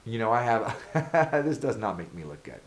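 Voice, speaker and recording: A man's voice: on the low side, very animated, moderate pace, low-quality recording. A man vlogging advice straight to camera, earnest and emphatic, driving his points home with repeated rhetorical questions. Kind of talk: direct-to-camera advice monologue.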